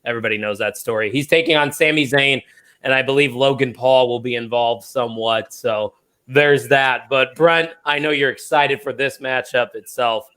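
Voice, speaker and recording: A man's voice: medium pitch, moderate pace, bright, forceful tone. Man hosting a wrestling podcast. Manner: joking, leads the discussion. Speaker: podcast host. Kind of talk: casual chat.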